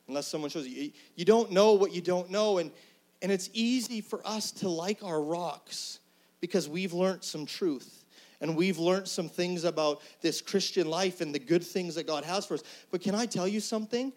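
A middle-aged man, a pastor, preaching an earnest, conversational sermon that swings between soft, hushed lines and loud, emphatic ones. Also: high-pitched, moderate pace.

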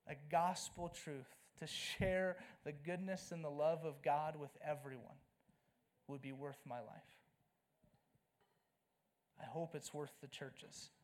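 A man in his thirties preaching a sermon to his congregation, conversational and emphatic, swinging from hushed to loud. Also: on the high side. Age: 30s. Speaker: pastor.

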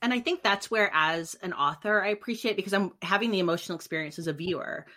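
A woman co-hosting a podcast, talking in an animated, reflective way. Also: medium pitch, fast. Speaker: podcast co-host. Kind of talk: casual podcast chat.

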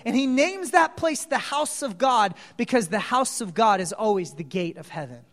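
A man preaching a sermon, retelling a Bible story as an animated storyteller who keeps asking the audience questions. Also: high-pitched, normal speed, few pauses. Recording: long reverb of a large hall.

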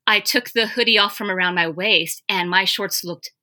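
A woman's voice: medium pitch, moderate pace, bright, forceful tone. A woman, candidly telling a wry story in a casual podcast chat. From US South.

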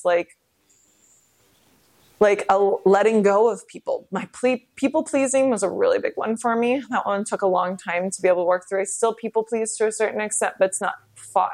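A woman's voice: medium pitch, gravelly, darkish tone. A young woman hosting a podcast, talking candidly in a rambling, casual way with many fillers and some swearing. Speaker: podcast host. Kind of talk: casual personal monologue.

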